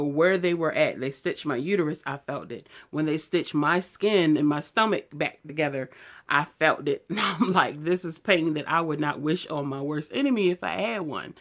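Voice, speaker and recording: A woman in her early thirties, telling a personal story to camera in a candid, animated way. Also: lowish voice. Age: 30s. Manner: candid, animated retelling, heated when quoting herself. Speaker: beauty vlogger.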